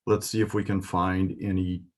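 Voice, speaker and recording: A man's voice: low voice, level tone, moderate pace. A man teaching a Hebrew alphabet lesson, patiently explaining and pointing out letters.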